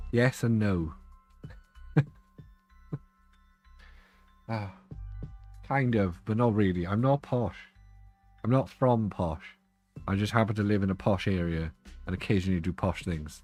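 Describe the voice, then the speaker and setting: A young man with a low voice chats loosely with his stream audience. He jokes and laughs as he goes, and faint music plays behind him. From Wales. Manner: chatty and joking, laughs often. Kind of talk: casual live-stream chat.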